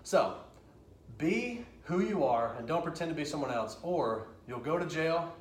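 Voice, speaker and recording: Casting note: man with a fairly high voice, casual storytelling talk from a stage, roomy hall sound. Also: slight background noise. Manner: lively, conversational storytelling with quick asides. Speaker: speaker. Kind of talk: storytelling speech. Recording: echoey hall.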